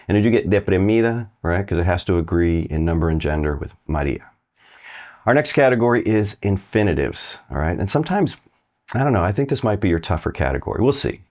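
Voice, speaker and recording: A man's voice: low voice, expressive, fairly quick, a little mellow. A man giving a casual online language lesson, chatty and friendly, inviting viewers to try translations. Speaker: Spanish teacher.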